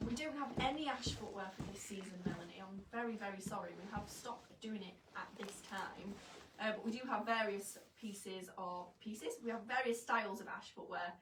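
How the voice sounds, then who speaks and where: Chatty woman presenting fashion live. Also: medium pitch. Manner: chatty, jokey and self-mocking. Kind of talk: live fashion vlog chat. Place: shop studio, indoors. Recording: roomy, distant, faint background hum.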